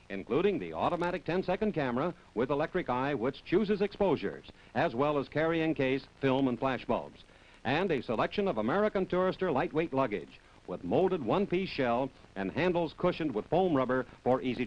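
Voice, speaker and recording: A man reading the announcements and prize copy for a 1960s television game show in a polished, smooth sales style. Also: mid-range voice. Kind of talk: scripted announcer read. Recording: lo-fi 1960s TV broadcast.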